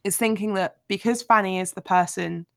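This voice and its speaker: A woman hosting a casual book discussion, talking in an animated, chatty way with frequent filler words. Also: medium pitch, normal speed, vocal fry, dry recording, studio quality. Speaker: podcast host.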